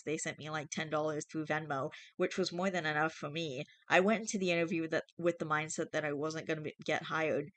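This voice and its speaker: A channel host reads online confessions aloud in a chatty, irreverent way, swearing freely, laughing often, and dropping in asides. His voice sits at a middle pitch with a fairly bright tone. The recording is dry and close, with no room sound at all.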